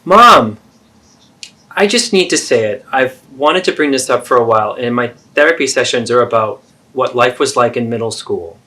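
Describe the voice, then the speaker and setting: Man as an adult daughter, earnest, pleading, persistent, mid-pitched voice, therapy role-play. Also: brisk, hardly any pauses, bright, forceful tone, natural voice. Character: adult daughter confronting her mother.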